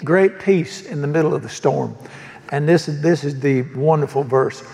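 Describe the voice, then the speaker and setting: Male pastor, folksy joking sermon delivery, slightly high pitch, reverberant sanctuary. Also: moderate pace, vocal fry, a little mellow. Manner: folksy, joking preacher who asks the congregation questions. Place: church sanctuary.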